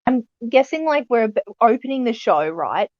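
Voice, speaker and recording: A woman's voice: a little high, very animated, normal speed, dry recording, lo-fi sound. A woman playing a tabletop game, explaining her moves in a hesitant, rambling way. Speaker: player.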